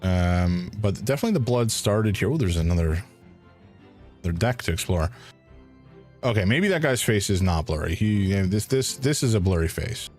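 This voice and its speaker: A man's voice: low voice, expressive, normal speed, darkish tone, faint music behind. A man streaming a first playthrough of a game, thinking aloud in a hesitant way and often restarting his sentences. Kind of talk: live game commentary.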